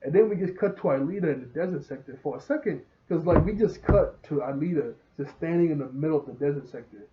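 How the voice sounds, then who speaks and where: A man's voice: fairly high pitch, expressive, fast talker, hardly any pauses, a little hiss or hum. A man casually retelling a cartoon episode for a review, rambling and laughing at the scenes. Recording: dull lo-fi audio.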